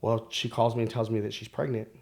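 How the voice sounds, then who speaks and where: A man telling his own life story as a podcast guest, candid and halting, with many fillers and restarts. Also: on the low side, level tone, gravelly, a little mellow. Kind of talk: personal storytelling.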